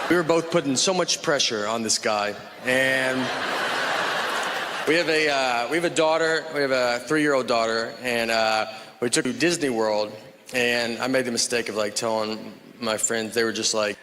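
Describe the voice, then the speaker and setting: Man, stand-up comedian, deadpan storytelling, mid-pitched voice, live stage recording, faint ambience. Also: normal speed, background noise. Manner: laid-back deadpan storytelling, audience laughter. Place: live comedy venue with audience.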